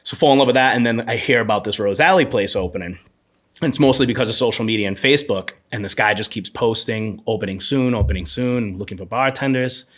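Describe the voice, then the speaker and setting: A man in his thirties, a podcast guest, telling rambling animated anecdotes about his bartending years in a casual interview. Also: mid-range voice, fast talker.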